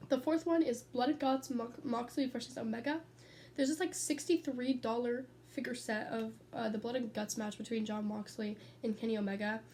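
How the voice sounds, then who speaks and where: In a high-leaning, darkish voice, a teen girl vlogs from her bedroom at home, rambling casually and swearing freely. She's chatty and keeps wandering off track with her stories. There's a little hiss or hum.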